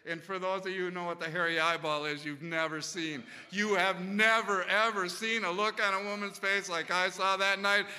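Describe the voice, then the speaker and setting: A man's voice: high voice, fairly even intonation, moderate pace, few pauses, sharp tone, long reverb tail. A man casually telling a rambling, profane anecdote full of restarts. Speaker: storyteller.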